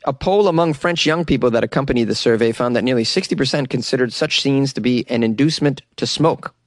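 A man's voice: medium pitch, quick pace, no echo, studio quality. A man from the United States reading weird news stories aloud and mocking them with sarcasm, laughing often between lines. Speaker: news commentary host. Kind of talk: casual news commentary.

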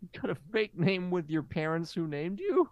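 A man hosting an improvised comedy podcast as a therapist, stammering and incredulous. His voice is fairly high and swings widely in pitch, and the sound is dry and close. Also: very animated, moderate pace, a little mellow, no room sound. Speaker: comic playing a therapist host.

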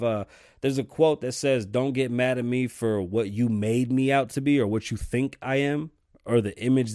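A young man hosting his own podcast, ranting casually and cursing a lot, flaring up in heated bursts and then sinking back to a low mutter. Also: darkish tone, no room sound, studio quality. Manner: profane, heated rants that drop to low muttering. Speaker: podcast host.

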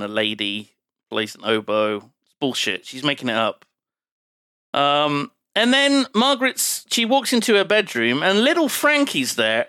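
A man co-hosting a podcast, recapping a film in casual, sweary chat with low-voiced asides. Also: pushed and bright, no room sound, clean studio sound. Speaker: podcast co-host.

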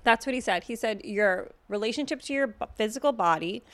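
A woman's voice: on the high side, lively intonation, fairly quick. Profane, joking woman podcast co-host. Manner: blunt, profane and joking, with many fillers. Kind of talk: casual chat.

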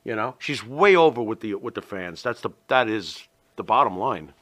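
Animated, profane man talking wrestling. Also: on the low side, normal speed. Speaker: co-host. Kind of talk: casual wrestling podcast chat.

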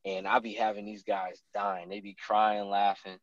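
Man, podcast guest, lively storyteller, dry close sound, a bit dull and muffled. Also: lowish voice, normal speed, no room sound. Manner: animated storyteller who acts out others' lines. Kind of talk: casual storytelling chat.

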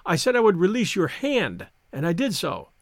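A man's voice: high voice, huge pitch swings, normal speed, no echo, clean studio sound, heavily acted. A man playing a gallant young naval officer. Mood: teasing. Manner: playful, courtly.

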